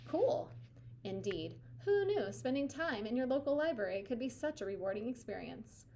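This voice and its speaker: A woman's voice: fairly high pitch, very animated, moderate pace, darkish tone, slight background noise, pitched above the performer's own voice. A woman reading aloud, voicing an eccentric, courtly older man who runs games in a children's novel. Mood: genial.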